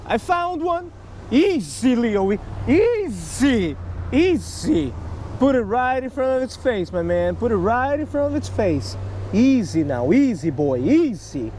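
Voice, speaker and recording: A man narrating his own fishing vlog outdoors at a creek, excitable, talking to himself and the fish and shouting when he gets excited. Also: very high voice, unhurried, slight background noise. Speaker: fishing vlogger.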